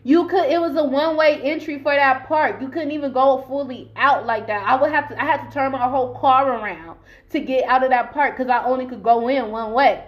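Emphatic higher-voiced woman telling a storytime. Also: fairly quick, few pauses, highs cut off. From Long Beach, California. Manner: emphatic, profane, talks straight to listeners. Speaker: podcast host telling a personal story. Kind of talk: casual storytime to camera. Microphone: camera mic while filming herself.

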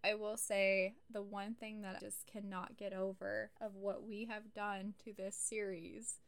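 A woman's voice: mid-range voice, level tone, measured pace, smooth. A young adult woman co-hosting a podcast in casual chat, blunt, sarcastic and emphatic. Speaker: podcast co-host.

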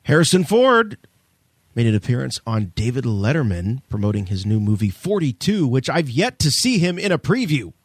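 A man co-hosting a podcast, joking and needling in an animated way. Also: medium pitch, moderate pace, husky, dry recording, clean studio sound. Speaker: podcast co-host. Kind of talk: casual podcast discussion.

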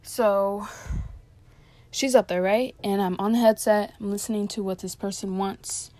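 A young woman casually telling a long story about her fast-food job, chatty and full of fillers, quoting her coworkers as she goes. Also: mid-range voice, fairly even intonation, warm tone, dry recording.

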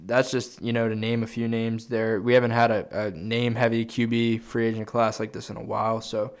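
A man's voice: fairly low pitch, level tone, fairly quick. A young man co-hosting a sports podcast, chatting casually in a rambling, profane way. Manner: profane, rambling, thinks aloud. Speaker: podcast co-host.

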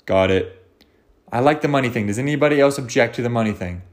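A man's voice: medium pitch, fast. A man hosting a solo comedy podcast, rambling and profane, often interrupting himself.

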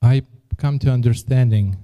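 A man's voice: medium pitch, normal speed, dull audio. A man preaching a sermon and telling a personal story, speaking earnestly and often repeating words as he restarts his phrases.

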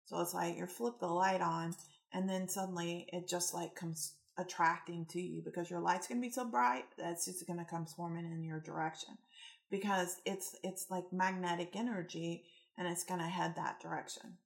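A woman giving a casual spiritual-coaching talk, animated and rambling, acting out the quotes in her stories. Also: lowish voice, moderate pace, gravelly.

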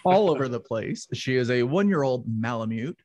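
A man, likely in his forties, co-hosting a casual chat, animated and quick to laugh loudly. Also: medium pitch. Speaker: podcast co-host.

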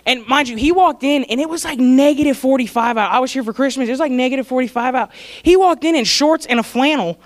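A woman's voice: sits high, fast talker. A young woman giving a heartfelt, rambling tribute at a church service, laughing and fighting back tears. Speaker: church staff speaker honoring graduates.

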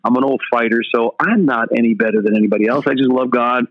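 A man's voice: medium pitch, quick pace. An older man who is a pastor talks as an interview guest. He tells stories with energy and acts out the other people's dialogue. The recording sounds slightly muffled and lo-fi. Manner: animated storyteller acting out dialogue.

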